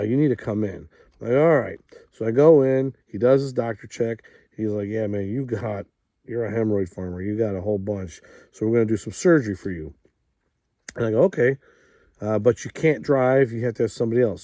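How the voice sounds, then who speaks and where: A man's voice: lowish voice, no echo, clean studio sound. A man hosting a show, telling a rambling story outdoors in a casual way and getting worked up as he goes. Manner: rambling, animated, quick to get worked up. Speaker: host. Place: outdoors at a ranch.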